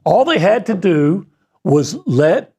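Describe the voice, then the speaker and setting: A man with an East Texas accent co-hosting a sports talk show, speaking in a halting, wry way. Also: high-pitched, very animated, warm tone, husky. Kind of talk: casual sports radio chat.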